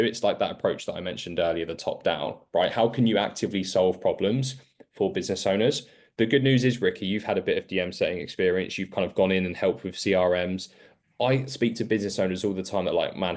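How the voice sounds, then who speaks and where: A man's voice: low voice, darkish tone. A man giving frank, direct sales coaching advice on a call, talking in long run-on explanations.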